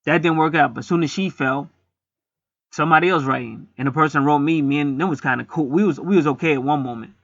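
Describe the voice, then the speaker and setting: A man's voice: a little high, quick pace, fairly bright tone, no echo, highs cut off. A middle-aged man acting as a spiritual reader, talking bluntly in a casual streetwise monologue and swearing freely.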